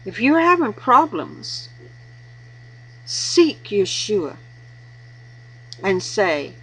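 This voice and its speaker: Woman, devotional vlogger, slow, husky, earnest marriage advice. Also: medium pitch, big pitch swings, poor audio. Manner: slow, earnest, preachy, with emphatic repetition. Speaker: Christian video blogger giving marriage advice. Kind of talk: informal devotional talk to camera.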